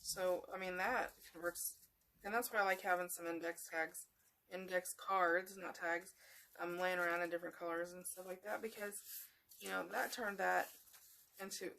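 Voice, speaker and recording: Woman, low voice, chatty craft tutorial, meandering, sleepy, faint noise behind. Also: fairly even intonation, normal speed, vocal fry, sharp tone. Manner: chatty and meandering, talking to viewers while working. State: yawning, sleepy.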